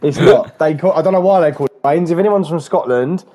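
Bloke on a podcast, blunt and sweary, slightly higher voice. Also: male voice, brisk, dark tone. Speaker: podcast co-host. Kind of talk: casual chat.

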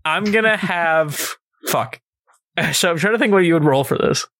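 A man's voice: on the high side, normal speed, a bit bright, dry recording, clean studio sound. A man running a tabletop game as game master, casual, laughing often and swearing.

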